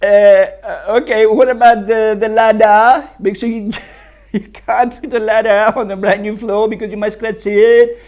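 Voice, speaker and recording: A man's voice: sits high, level tone, measured pace, darkish tone. A builder talking casually on a building site, chatty and laughing often at his own jokes. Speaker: licensed builder. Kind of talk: casual chat reacting to clips.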